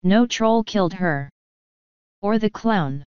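A woman's voice: medium pitch, animated, slow pace, clean tone, no room sound. A woman voicing a cool, dry young watchwoman. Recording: dull lo-fi audio.

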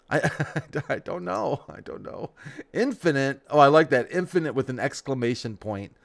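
A man hosting a let's play, rambling casually about his life while thinking aloud through the game. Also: medium pitch. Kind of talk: casual gameplay commentary. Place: at home, near the Great Lakes.

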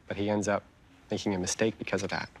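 A middle-aged man reading his children's book aloud to kids, chatty and gentle, stopping to ask them questions. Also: lowish voice, flat delivery, quick pace.

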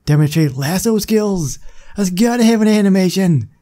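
A young man giving casual, excitable commentary on his gameplay and chatting to viewers. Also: high voice, moderate pace. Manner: excitable, chatty, talks to the game. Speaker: gaming channel host.

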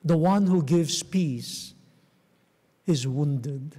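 Middle-aged cardinal from the philippines telling a story slow and soft, light high voice, big theatre echo. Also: male voice, slightly rough. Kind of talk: homily-style talk to a live audience. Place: large theatre. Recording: long reverb of a large theatre.

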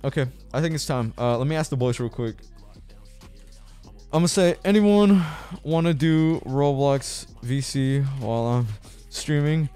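A young man livestreaming, chatting casually to his viewers and swinging between yelled rants and low mumbling. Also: a little slow, clear, resonant tone, soft background music.

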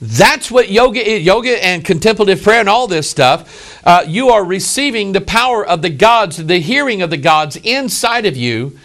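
A man's voice: sits high, animated, normal speed, creaky, a bit bright. A man preaching a sermon, reading scripture aloud and addressing listeners earnestly and emphatically.

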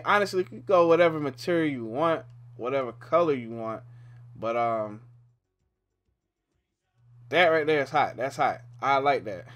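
A young man giving a laid-back, casual walkthrough of a video game, thinking aloud with frequent "man" and "um". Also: medium pitch. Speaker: gaming YouTuber. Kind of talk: casual game tutorial commentary.

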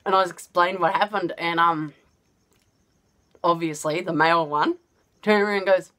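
A woman's voice: fairly low pitch, fairly even intonation, normal speed, long pauses, a bit bright. Chatty Australian woman telling a story. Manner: chatty, laughs often while telling the story. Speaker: vlogger. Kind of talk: casual anecdote telling.

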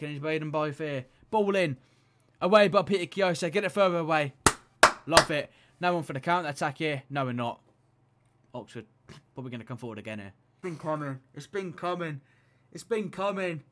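A young man commentating his own football video game match, excitable and shouting at the referee. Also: on the high side, slight background noise. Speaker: gaming YouTuber.

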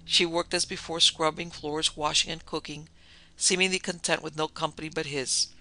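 A man narrating a classic horror story in a measured, dramatic storytelling manner. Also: a little high, level tone, pushed and bright, poor audio.

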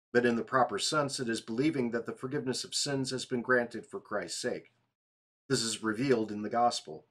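A tired man reading a church confession aloud in an evening devotional, steady and plain. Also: mid-range voice, breathy edge. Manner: reads steadily, apologizes and laughs at slips. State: yawning, tired.

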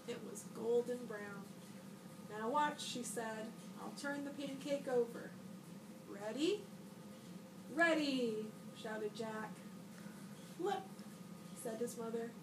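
Woman librarian reading a children's storybook aloud, high voice, expressive, a bit off-mic in an echoey room with noise behind. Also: distant mic. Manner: expressive storybook reading, bright shouts for the boy's lines. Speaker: school librarian.

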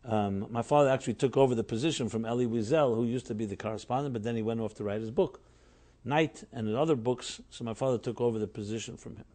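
A middle-aged man, a rabbi, giving a Torah class, telling a story with emphatic rises and animated delivery. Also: medium pitch, fast.

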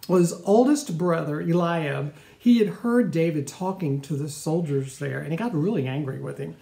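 A man's voice: fairly high pitch, normal speed, vocal fry, hardly any pauses, mellow, echoey room. A male pastor giving a sermon and retelling a story in a casual, conversational way.

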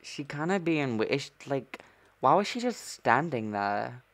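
A man's voice: mid-range voice, sing-song, unhurried, a bit bright. Sassy chatty man narrating his gameplay. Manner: sassy, chatty, with sudden squeals of surprise. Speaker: gaming streamer. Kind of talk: gameplay commentary.

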